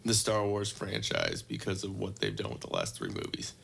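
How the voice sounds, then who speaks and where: A young man co-hosting a podcast in casual chat, swearing freely and laughing loudly. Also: lowish voice, normal speed, creaky, slight background noise. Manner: animated, swearing, bursts of loud laughter. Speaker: podcast co-host.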